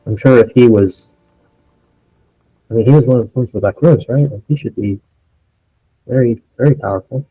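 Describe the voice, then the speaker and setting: A man's voice: mid-range voice, normal speed, pauses often, warm tone, husky, no echo, faint music behind. A man playing a tabletop game, planning aloud and giving the group directions. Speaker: player. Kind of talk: casual tabletop game chat. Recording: dull lo-fi audio.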